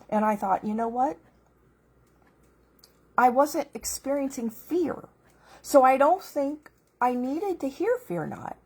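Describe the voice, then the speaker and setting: A woman's voice: on the high side, expressive, moderate pace, husky. A middle-aged woman telling a heartfelt personal faith story in an earnest, casual way. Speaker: vlogger.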